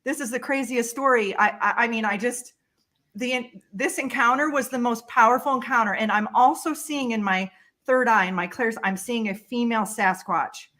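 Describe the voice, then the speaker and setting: A woman, a guest on a talk show, telling a personal story with lively, emotional delivery. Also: a little high, moderate pace. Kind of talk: storytelling in a casual interview.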